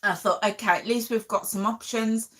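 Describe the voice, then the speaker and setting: Bright-voiced woman telling a story. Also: mid-range voice, normal speed. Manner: emotional, animated storytelling. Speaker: vlogger host. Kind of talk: casual storytelling.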